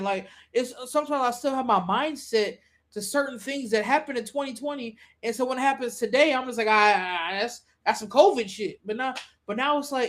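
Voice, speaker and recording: A woman hosts a live-stream podcast, chatting casually in slangy, profane language and veering into high-pitched, animated rants.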